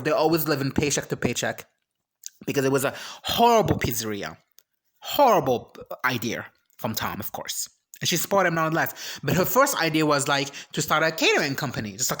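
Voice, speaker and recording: A vlogger giving an animated, exasperated reaction rant, sarcastic and emphatic, breaking into high shrieks. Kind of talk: ranting reaction commentary.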